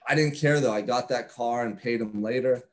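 A male podcast guest in a casual, candid conversation. He speaks earnestly and bluntly, with a bit of swearing, at a middle pitch. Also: normal speed. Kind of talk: casual interview chat.

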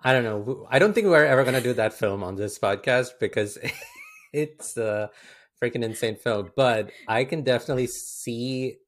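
A man co-hosting a film podcast, talking casually with halting starts and frequent fillers. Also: medium pitch. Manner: halting, many fillers and restarts. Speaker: podcast co-host.

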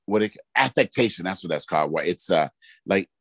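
A man's voice: sits low, animated, a little fast, no echo. A man co-hosting a casual chat podcast, agreeing animatedly and restarting his sentences often. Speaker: podcast co-host.

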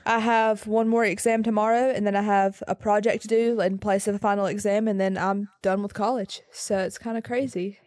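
A woman's voice: mid-range voice, level tone, brisk, few pauses, darkish tone, no echo. A woman in her twenties co-hosting a casual podcast from her bedroom, with a dry, sarcastic manner. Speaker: podcast co-host. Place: sitting on her bed at home.

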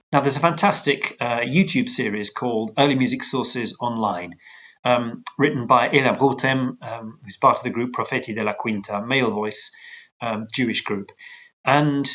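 A man, a choral conductor guest, explaining at length with lively asides over a video call. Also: mid-range voice, normal speed, highs cut off. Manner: animated, digressive, with lively asides. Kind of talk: conversational explaining.

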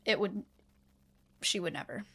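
A woman co-hosting a podcast in casual chat, teasing and quick to react, laughing often. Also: medium pitch, fairly bright tone, breathy edge. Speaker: podcast co-host.

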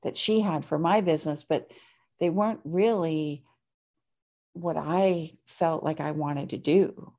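Chatty woman podcast host, lower voice. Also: a little slow, warm tone. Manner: chatty, many "like" fillers, laughs easily. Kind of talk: casual podcast interview.

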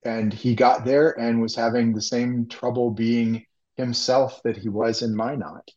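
A man from the American Midwest talks about his writing as a podcast guest. He is calm and reflective, restarting a few words now and then, and the sound is dull and slightly lo-fi. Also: mid-range voice. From Ohio, US Midwest. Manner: measured and reflective, with small restarts. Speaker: author guest. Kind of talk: interview conversation.

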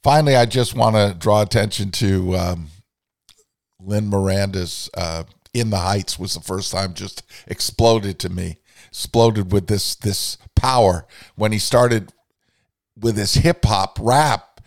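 A man's voice: fairly low pitch, takes it slowly, vocal fry, dry recording, studio quality. An older man hosting a podcast, speaking in an earnest, reflective monologue and quoting passages aloud with feeling. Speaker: podcast host.

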